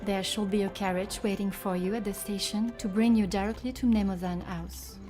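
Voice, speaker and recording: A woman's voice: mid-range voice, steady tone, a little fast, warm tone, natural voice. An actress voicing a young noblewoman politely reading out a formal plea in a letter, in a game. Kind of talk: game voice acting, letter read aloud. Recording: game audio with music underneath.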